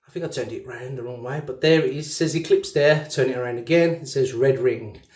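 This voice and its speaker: A man's voice: medium pitch, fairly quick, darkish tone. A man with a Black Country accent chatting in a rambling, self-mocking way while he shaves at a bathroom sink. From English West Midlands. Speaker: shaving channel host. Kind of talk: casual chat while shaving. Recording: echoey bathroom sound.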